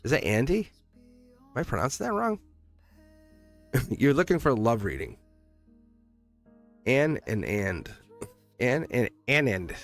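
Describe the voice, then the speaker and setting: A man's voice: medium pitch, sing-song, measured pace, vocal fry, pauses often. A man reading tarot on a livestream, chatting casually, laughing often and rambling through stories where he keeps quoting himself. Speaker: tarot reader. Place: home studio. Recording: faint music behind.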